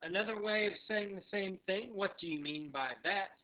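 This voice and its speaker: A man teaching English phrases, saying each one slowly and repeating it so learners can practice. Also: high voice. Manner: slow deliberate modeling, repeats phrases for learners. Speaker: literacy teacher. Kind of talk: ESL lesson, modeling phrases. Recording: muffled lo-fi audio.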